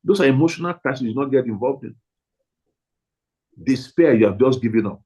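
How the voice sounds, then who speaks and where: A man with a husky, slightly rough voice teaches a room of pastors. He talks emphatically and repeats himself, punching out single words for stress. His pitch sits in an ordinary middle range. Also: animated, moderate pace, warm tone, highs cut off. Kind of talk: training talk to pastors.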